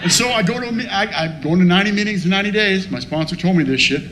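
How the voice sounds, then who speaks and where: A man's voice: high-pitched, very fast, fairly bright tone, slight background noise. A man telling a blunt, profane story at a recovery meeting and acting out both sides of the talk. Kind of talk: storytelling share with humor.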